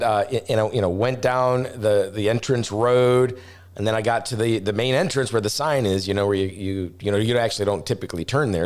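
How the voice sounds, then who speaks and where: A middle-aged man, a travel vlogger, telling a story casually, rambling with restarts and getting animated as he acts out voices. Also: mid-range voice.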